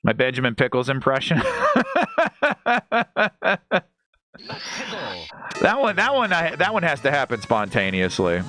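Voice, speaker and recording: Animated man streaming a game. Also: mid-range voice, fairly quick, hardly any pauses. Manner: jokey, animated banter. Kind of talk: casual gaming commentary. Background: game music.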